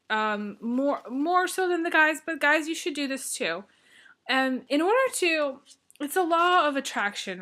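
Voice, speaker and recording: A woman's voice: fairly high pitch, a bit bright. A woman tarot reader talking casually and earnestly to her viewers, reading a heartfelt letter aloud. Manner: earnest, heartfelt, chatty with many fillers.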